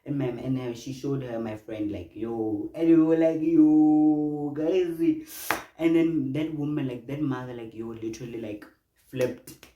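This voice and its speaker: A young man telling an animated storytime vlog, breaking off often to address his viewers. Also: mid-range voice, normal speed, dull audio. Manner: animated, exclamatory, chatty asides to viewers. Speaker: vlogger. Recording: roomy room with faint noise.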